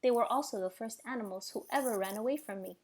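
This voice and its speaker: A woman's voice: fairly high pitch, quick pace. A polite, formal female robot, read by a woman. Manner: formal, careful, friendly.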